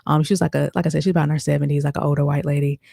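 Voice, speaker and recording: A woman's voice: sits low, little pitch movement, rapid-fire, vocal fry, dark tone, husky, dry recording. A woman podcast host telling a personal story in a chatty, casual way, talking straight to her listeners with lots of fillers. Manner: chatty, addresses listeners as y'all, many fillers.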